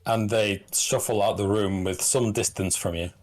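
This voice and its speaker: A man narrating as game master of a tabletop game, halting with fillers and restarts. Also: lowish voice, steady tone, a little mellow.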